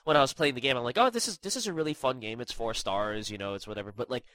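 A man's voice: medium pitch, quick pace, a bit bright, dry recording, low-quality recording. A young man with a stuffy nose hosting a casual gaming podcast, rambling with lots of fillers and self-deprecating asides. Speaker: podcast host.

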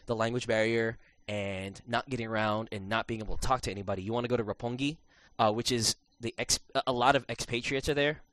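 Guy on a podcast rattling off a travel story, quick and bright, dry close sound. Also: mid-range voice, no echo. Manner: animated storytelling with many restarts and fillers. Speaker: podcast host. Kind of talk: casual podcast chat.

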